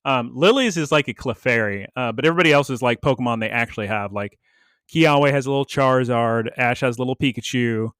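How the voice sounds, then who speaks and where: A man's voice: mid-range voice, fast talker, a bit bright, smooth, no echo, clean studio sound. A man co-hosting a podcast, recapping an episode in casual chat and slipping into little character voices. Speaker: podcast co-host.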